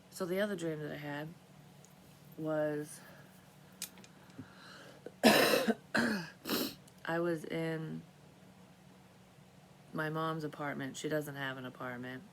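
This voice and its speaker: Woman, low voice, casual rambling monologue, swears freely, slight hiss. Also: steady tone, slow, long pauses, low-quality recording. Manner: rambling, profane, trailing off and restarting. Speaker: vlogger sharing dream readings.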